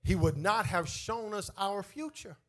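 A male pastor preaching a sermon in church. He tells a funny story, then builds into a sing-song, shouted call to the congregation. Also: high-pitched, a little slow.

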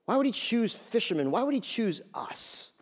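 Male pastor, higher register, emphatic sermon delivery, acts out quoted lines. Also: big pitch swings, normal speed. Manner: emphatic preaching with repeated phrases.

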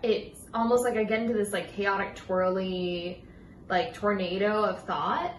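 A woman's voice: mid-range voice, steady tone, a little slow, distant mic. A young woman chats casually as a podcast co-host, filling her talk with fillers and easy laughter. She sits a little off the mic in a roomy room, with a faint hum of noise behind her. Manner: chatty, laughs often, many fillers. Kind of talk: casual chat.

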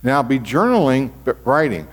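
A man's voice: medium pitch, big pitch swings, moderate pace. A man teaching as a pastor in a conversational sermon style, often restarting and repeating his phrases. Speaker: pastor teaching on devotional reading. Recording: long reverb of a large hall.

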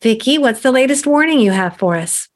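A woman's voice: high voice, animated, a little fast. A woman hosting a talk segment, asking conversational, sympathetic questions of her guest. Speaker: host.

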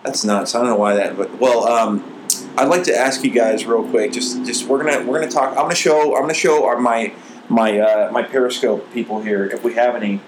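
A man's voice: mid-range voice, brisk, background noise. A man hosting a casual sports podcast, rambling and crude, with lots of fillers and restarts. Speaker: podcast host.

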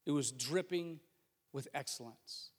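A man's voice: on the high side, a little slow, breathy edge. A man in his thirties, a pastor delivering a sermon in a conversational, humorous way that builds to emphatic repetition. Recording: long hall reverb with faint music.

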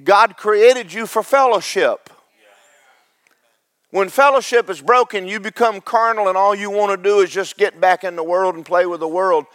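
A man, pastor of a church, preaching a sermon with big swings between loud, fervent highs and low, joking asides to the congregation. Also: normal speed, dry recording. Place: church sanctuary.

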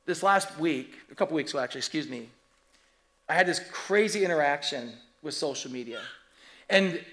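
A man in his forties preaching a sermon, telling stories in an animated, humorous way. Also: fairly high pitch, a little fast. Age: 40s. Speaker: pastor.

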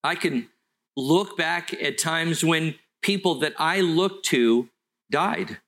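A middle-aged man, preaching a sermon in an earnest storytelling way that slows for emphasis. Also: on the high side, a bit bright. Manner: earnest, storytelling, with slow deliberate stretches. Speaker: pastor.

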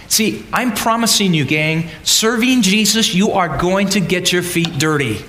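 A man preaching a sermon to his congregation in a folksy, animated way, swinging between loud emphasis and soft asides. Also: high voice, normal speed, hardly any pauses. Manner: folksy, addresses the congregation as "gang". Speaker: pastor.

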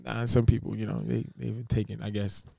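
A man co-hosting a casual podcast, an animated storyteller who acts out what others said. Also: fairly low pitch, brisk, creaky, breathy edge, no room sound. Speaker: podcast co-host. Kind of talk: casual chat.

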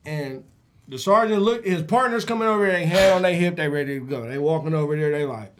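A man who works as a barber, telling a story in an animated way, acting out the voices with lots of slang. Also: fairly high pitch, quick pace, a little hiss or hum. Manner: acts out every voice in his stories, slangy.

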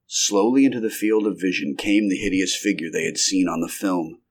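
A man reads an old science fiction story aloud in an unrehearsed, live take. His voice sits low. Now and then he trips and restarts a sentence, then carries on with the telling. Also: fairly quick. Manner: occasional restarts mid-sentence. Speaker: amateur audiobook narrator.

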